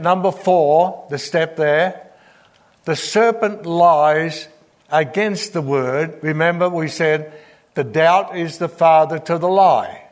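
Male preacher, slightly high voice, teaching sermon with scripture reading and questions to the congregation.

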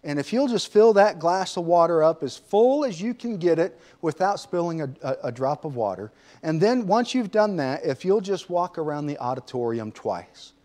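A man voicing a calm, patient male preacher who asks gentle questions. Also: a little high, moderate pace, few pauses.

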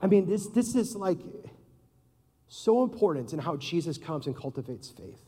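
In the long reverb of a large hall, this pastor delivers his sermon conversationally, posing questions to the audience and performing different voices. His fairly high pitch swings widely, and his tone is dark and husky at a moderate pace.

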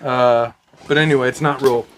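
A man in his thirties chats casually on a podcast recorded at home. He tells rambling stories and swears freely. His voice sits at an ordinary middle pitch. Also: fairly even intonation, normal speed, slight background noise. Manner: swearing, storytelling. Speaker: podcast co-host. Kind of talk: casual chat.

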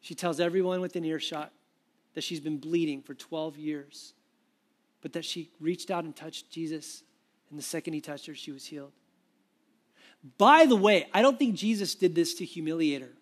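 A man preaching a sermon with animated, conversational storytelling. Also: a little high, moderate pace. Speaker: pastor.

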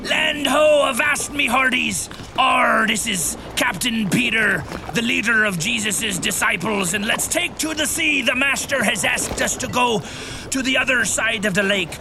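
A man's voice: extremely high pitch, a little slow, gravelly, over music, exaggerated voice. A man playing a blustery boat captain who talks like a pirate, full of growled arrs and corny jokes. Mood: blustering.

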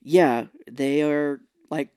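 Guy on a podcast recapping a movie, slightly high voice, dry close sound. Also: fairly even intonation, drawn-out words, darkish tone, clear, resonant tone, no room sound. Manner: retells scenes, acting out characters' lines. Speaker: podcast co-host. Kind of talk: casual movie recap chat.

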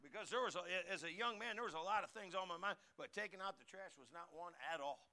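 A man preaching in a folksy, chatty way, pushing hard on key lines and asking the room to say phrases back. His voice sits high for a man, with a sharp, bright edge. He moves between relaxed storytelling and emphatic sermon points. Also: fast. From United States. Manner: folksy preaching, rising to emphatic calls for the congregation to repeat. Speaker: pastor.

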